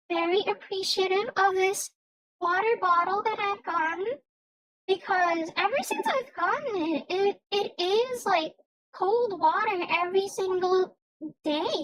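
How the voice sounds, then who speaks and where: Very high-voiced young woman streamer. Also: a bit bright, poor audio. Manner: rambling, stammers and restarts often. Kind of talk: casual livestream chat.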